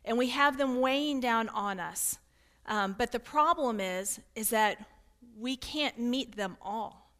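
A pastor's wife from Kentucky with a slight Kentucky accent, giving an earnest, candid talk to a women's gathering and inviting answers from the room, with light self-deprecating humor. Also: female voice, on the high side, a bit bright. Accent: Kentucky with some Northern mix. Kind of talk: candid teaching talk with audience participation.

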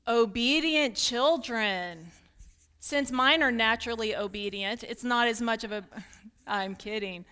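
A woman from Kentucky speaks with a light Kentucky accent in a fairly high voice. She is a pastor's wife giving a candid teaching talk to a group of women. She talks earnestly and openly and adds small self-deprecating jokes. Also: a little slow, bright, forceful tone, smooth. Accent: Kentucky with some Northern mix.

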